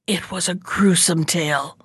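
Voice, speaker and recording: A woman reading a fairy tale aloud as the storyteller of the show, rising high and animated in tense moments. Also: a little slow, breathy edge, dry recording, clean studio sound.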